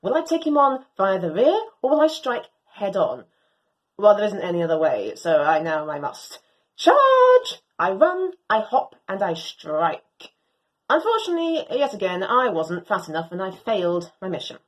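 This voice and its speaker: A woman reading a storybook as an excitable, proud young female Doberman, speaking theatrically in grand old-fashioned phrases. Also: medium pitch, normal speed, close to an everyday voice, poor audio. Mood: swaggering.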